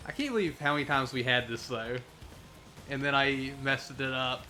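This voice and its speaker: A young man commentating his own racing gameplay live, playful and jokey, getting excitable as he races. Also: mid-range voice, moderate pace, soft background music. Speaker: gaming streamer.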